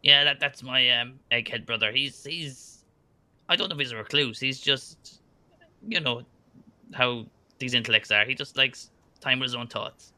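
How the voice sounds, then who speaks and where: A man voicing a wary young man who asks quick, stammering questions about his brother. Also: mid-range voice, bright, forceful tone, no echo. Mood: curious.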